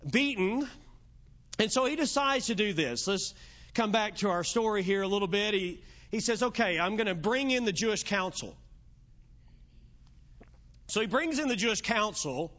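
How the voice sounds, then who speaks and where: A man's voice: sits high, expressive, normal speed, fairly bright tone, dull audio. A man preaching an evening sermon in a conversational, joking storytelling manner.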